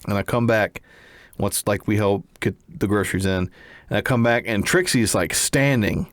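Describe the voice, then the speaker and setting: A man's voice: lowish voice, moderate pace, dry recording, studio quality. A man co-hosting a podcast, telling family stories in an easygoing way, often chuckling and adding quips. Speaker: podcast co-host. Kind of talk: casual storytelling chat.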